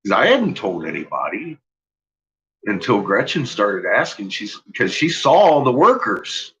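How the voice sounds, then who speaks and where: A man's voice: lowish voice, huge pitch swings, a little slow, vocal fry, a bit bright, slight background noise, low-quality recording. Swearing, laughing man telling a story. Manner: profane, laughs often while telling. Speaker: vlogger telling a personal story. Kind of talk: casual storytelling.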